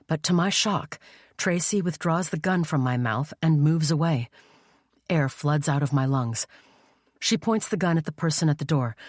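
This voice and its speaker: A woman reading a first-person thriller audiobook in a measured, tense storytelling voice. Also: low voice, darkish tone, dry recording. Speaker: audiobook narrator. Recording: dry studio voice-over.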